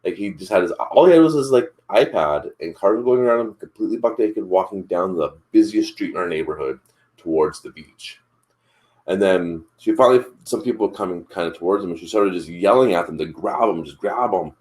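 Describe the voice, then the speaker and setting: Deep-voiced man telling a rambling story. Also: animated, brisk, a little mellow. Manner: rambling, full of "like" and restarts. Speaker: host of a live morning chat show; father. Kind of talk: casual storytelling chat.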